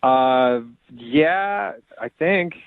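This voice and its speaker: A man caught off guard on a phone call. He sounds hesitant and speaks slowly, but his pitch swings widely. The line is tinny and dry. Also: lively intonation, noisy background. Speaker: called guest. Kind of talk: phone conversation.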